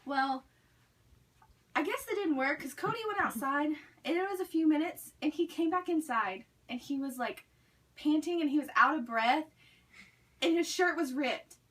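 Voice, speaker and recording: A young woman, a student speaker, tells a story in a chatty way, packing her sentences with "like". Her voice sits high and a bit bright, with lively intonation and a moderate pace, and she is recorded from a distance.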